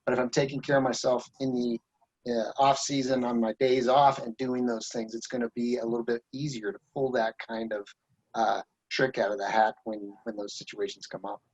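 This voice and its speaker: A man's voice: medium pitch, little pitch movement, moderate pace. A man on a panel, talking in an enthusiastic, reflective way with some fillers over a video call. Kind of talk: casual panel discussion. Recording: dull lo-fi call audio.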